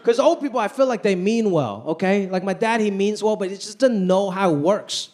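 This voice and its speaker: A man performing a stand-up comedy routine on stage, animated and putting on voices for the people in his stories. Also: high-pitched, a little fast. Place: stage before a laughing audience. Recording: live show with crowd laughter.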